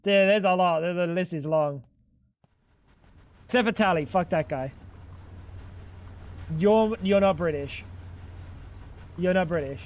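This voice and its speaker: A young man with a fairly high voice, chatting loosely while he plays a game on a livestream. He jokes, teases, and riffs back at his viewers in a relaxed, casual way. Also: measured pace, long pauses. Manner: joking, chatty, talks back to chat. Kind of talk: casual gaming stream chat.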